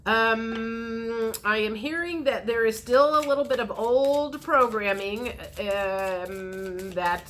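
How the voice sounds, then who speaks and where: A woman's voice: on the high side, fairly even intonation, takes it slowly, a bit bright, slight background noise. A woman giving a frank, chatty tarot reading, speaking straight to the viewer. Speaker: tarot reader. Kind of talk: casual tarot reading to camera.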